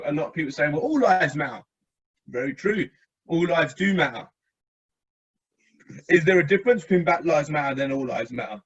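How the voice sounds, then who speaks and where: A man's voice: fairly high pitch, muffled recording. A man hosting a casual podcast discussion, talking in a rambling, chatty way and asking the others for their views. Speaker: podcast host.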